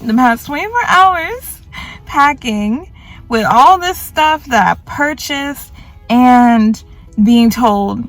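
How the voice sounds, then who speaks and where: A woman's voice: high voice, animated, takes it slowly, soft background music. A young woman vlogging casually, tired and self-mocking as she rambles about her worries. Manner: rambling, self-mocking, quotes others in put-on voices. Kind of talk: casual confessional vlog. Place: grocery store.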